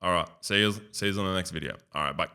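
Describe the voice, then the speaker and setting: An Australian man hosts a video, speaking very fast in a low, sharp, resonant voice that comes through clearly. He gives casual, rambling commentary over a screen tour and often repeats himself.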